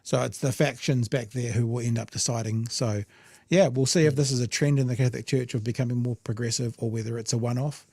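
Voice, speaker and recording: A man's voice: mid-range voice, steady tone, fast talker, vocal fry, a little mellow, no room sound. A male co-host, chatting casually and reading out live chat comments.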